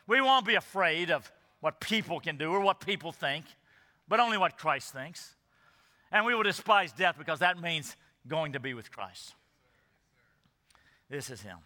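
Emphatic high-voiced preacher, echoey hall. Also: male voice, sharp tone. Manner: earnest, emphatic preaching with rhetorical questions. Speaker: pastor. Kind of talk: expository sermon.

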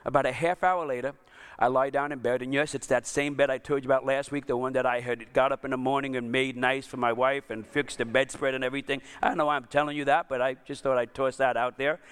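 A man's voice: mid-range voice, level tone, fast talker, fairly bright tone, smooth. A man preaching a sermon, telling a self-mocking story and chatting with his congregation. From Italian-American. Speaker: pastor.

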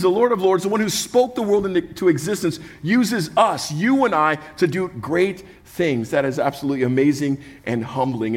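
A man's voice: on the high side, husky. A male pastor preaching a sermon, earnest and passionate, weaving humorous personal stories into his message.

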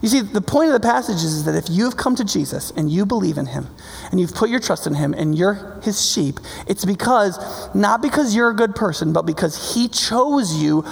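A male pastor preaching in a loose, conversational way, tossing in quick asides to his listeners. His voice has a gravelly edge. The sound carries a long reverb, as in a large hall. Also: sits high. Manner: conversational, animated preaching with frequent "right?". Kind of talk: sermon.

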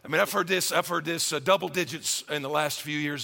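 Animated high-voiced man preaching in a hall. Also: fast talker, creaky, hardly any pauses. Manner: animated, acts out quoted voices. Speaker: pastor. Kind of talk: sermon.

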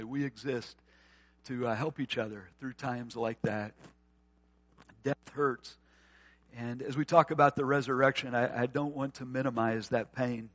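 A man preaching a sermon, earnest and often quiet and tender, then rising to forceful emphasis. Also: medium pitch, steady tone, normal speed, dry recording. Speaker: pastor.

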